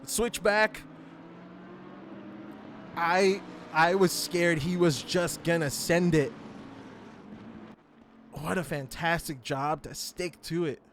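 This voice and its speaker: A man giving live sim racing commentary, excitable and joking, laughing often. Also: a little high, slow, pauses often, a little hiss or hum.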